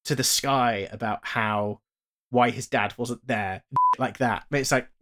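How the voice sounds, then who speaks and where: A man's voice: mid-range voice, fairly even intonation, unhurried, pushed and bright. A man co-hosting a podcast, recounting scenes in a rambling, chatty way. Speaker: podcast co-host. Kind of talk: casual chat.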